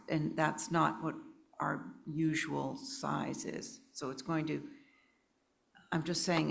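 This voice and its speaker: A woman on a town commission making a slow, hesitant comment and searching for her words. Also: deep voice, gravelly. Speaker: commission member. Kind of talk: public meeting discussion.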